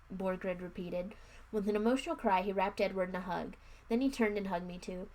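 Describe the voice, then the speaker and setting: A woman's voice: mid-range voice, fairly even intonation, fairly quick, darkish tone. A young woman streaming a live book reading, narrating and breaking off for wry, offhand comments. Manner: wry, offhand, chatty asides.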